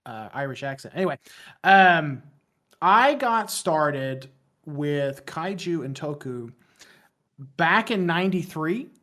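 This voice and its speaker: A man in his thirties with a West Virginian accent, talking casually as a podcast guest. His voice sits a little higher than most men's, and he rambles, restarts his sentences and plays himself down. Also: expressive, slow pace, fairly bright tone. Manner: rambling, self-deprecating, stumbles and restarts often. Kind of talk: casual interview chat.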